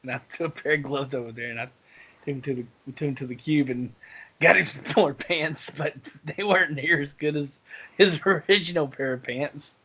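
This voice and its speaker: A man's voice: on the high side, moderate pace, sharp tone, slightly rough. A man telling a rambling gaming story on a casual podcast, laughing often. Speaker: podcast co-host.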